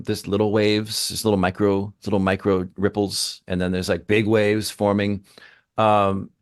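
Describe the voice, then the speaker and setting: A man co-hosting a podcast, talking in an emphatic, engaged way and thinking aloud as he goes. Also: lowish voice. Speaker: co-host, language teacher. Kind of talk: conversational podcast discussion.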